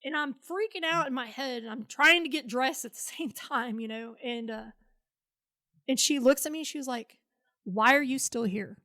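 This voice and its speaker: A woman's voice: high voice, moderate pace, bright, forceful tone. A woman guest telling a personal story in an interview, blunt and profane, acting out the dialogue she quotes. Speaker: podcast guest, Navy veteran.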